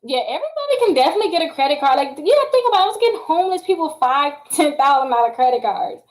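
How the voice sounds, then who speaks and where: Chatty high-voiced woman coaching on credit. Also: racing, rough recording. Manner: chatty, animated, addresses viewers as y'all. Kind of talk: casual live-stream advice.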